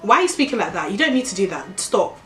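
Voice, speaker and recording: A woman from Nigeria ranting in an opinion vlog, blunt and animated, calling her viewers babes. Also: mid-range voice, quick pace, roomy sound, a little hiss or hum. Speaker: vlogger.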